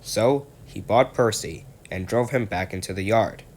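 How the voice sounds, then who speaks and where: A man reading a children's railway story aloud in a calm, steady way. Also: lowish voice, a little slow.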